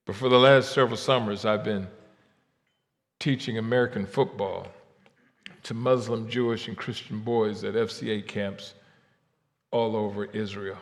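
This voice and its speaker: A man from Ohio giving a keynote faith talk, swinging from quiet asides to shouted, drawn-out declarations. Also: medium pitch. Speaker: keynote speaker. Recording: long hall reverb.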